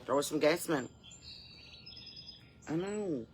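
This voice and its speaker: A woman chatting casually in a rambling vlog, salty and profane, telling stories in a down-home way and sometimes dropping to a soft murmur. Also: sits low, expressive, slow pace, slight background noise. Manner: drops to a soft murmur at times. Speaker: touring musician and vlogger.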